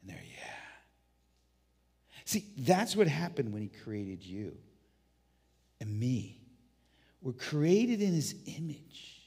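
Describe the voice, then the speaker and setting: A man's voice: mid-range voice, very animated, takes it slowly, long pauses, mellow, slightly rough, in a large hall. A man preaching a sermon as a guest pastor, telling stories animatedly with frequent restarts.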